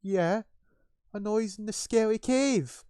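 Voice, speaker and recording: A man's voice: takes it slowly, dark tone, smooth, dry recording, clean studio sound. A man voicing a frightened, stammering young male cave guard in a tabletop game. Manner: panicky, stammering, high and shrill.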